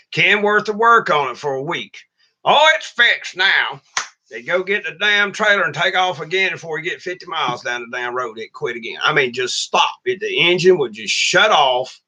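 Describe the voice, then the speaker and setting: A middle-aged man hosts a casual livestream and grumbles through trucking stories. He is blunt and profane. His voice sits a bit high and has a very bright, cutting edge. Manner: blunt, profane, complaining storyteller. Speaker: truck driver and channel host.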